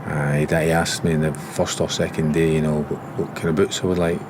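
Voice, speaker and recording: Man, extremely low voice, earnest interview, noisy rumbling recording. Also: flat delivery, brisk. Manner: earnest, self-deprecating. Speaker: former footballer interviewee. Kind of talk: reflective interview.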